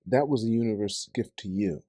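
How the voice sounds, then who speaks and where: A middle-aged man hosts a podcast in a mellow, slightly husky voice. He talks in an animated, conversational way, breaking in with anecdotes and advice. The sound is dry and close. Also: lowish voice, brisk, no echo. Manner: animated, interjects and tells anecdotes. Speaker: podcast host. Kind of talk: conversational interview.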